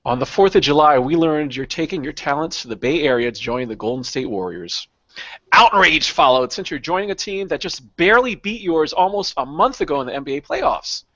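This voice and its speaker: A man's voice: on the high side, expressive, brisk, pushed and bright, no room sound, dull audio. A man hosting a casual talk show, sarcastic and given to long run-on thoughts. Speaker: podcast host. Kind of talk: casual chat.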